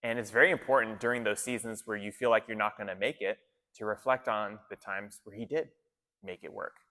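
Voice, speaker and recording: A man's voice: on the low side, fairly even intonation, brisk, sharp tone, big-room sound. Casual, conversational male pastor. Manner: conversational, casual slang, frequent restarts. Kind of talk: sermon. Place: church gathering in an arts center.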